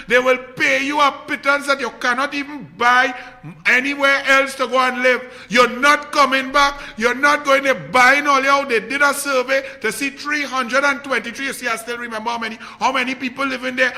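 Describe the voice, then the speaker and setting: A very high, piercing male voice with a Trinidadian accent, put on by a man, ranting sarcastically like a satirical political puppet. It swings into mocking, sing-song and preachy phrasing and has a sharp, bright edge. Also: heavily acted.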